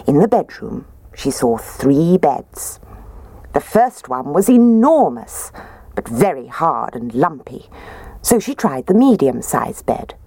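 A woman reading a children's story aloud in a gently animated, expressive way. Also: low-pitched, vocal fry, breathy edge, no echo.

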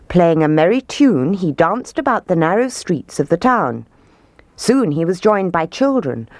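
Storyteller, female, low and melodic, rhythmic expressive read, dry studio sound. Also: no room sound. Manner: expressive, rhythmic verse reading. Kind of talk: storybook narration.

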